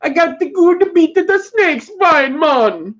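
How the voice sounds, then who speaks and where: A woman's voice: on the low side, extremely slow, highs cut off. A woman putting on a laid-back male character whose accent slides from Italian to Jamaican, drawling in a sing-song way.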